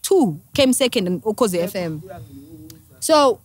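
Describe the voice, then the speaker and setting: A woman's voice: medium pitch, very animated, unhurried, a little mellow. A South African woman in her thirties, telling her story in a reflective, emotional way during a casual interview. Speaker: guest musician.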